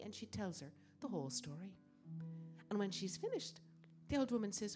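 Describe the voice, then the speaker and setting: A woman storyteller telling a folk tale in an animated, dramatic way. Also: mid-range voice, normal speed, soft background music.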